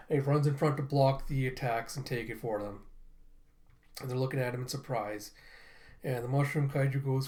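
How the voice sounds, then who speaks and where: A young adult man hosting a casual manga reaction, retelling the panels in a relaxed, chatty way with fillers. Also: medium pitch, moderate pace. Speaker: reaction channel host. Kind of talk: casual manga reading and commentary.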